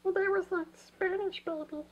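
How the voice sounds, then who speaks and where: A man putting on a squeaky high-pitched silly voice, halting with many ums. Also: fairly even intonation, a bit bright, dull audio. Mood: goofy.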